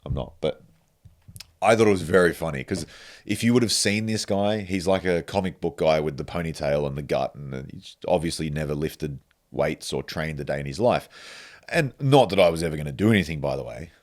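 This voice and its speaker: A low-voiced man hosts a podcast in casual chat. He tells an animated story, swearing freely and breaking into laughter as he goes. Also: fairly quick. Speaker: podcast host.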